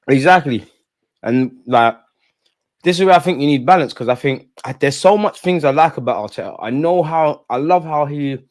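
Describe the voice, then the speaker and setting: A man talks through a live football watch-along in a loose, opinionated ramble full of slang. His voice sits at a middling pitch. The sound is dry and close, with little room around it. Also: no room sound. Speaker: football fan channel host.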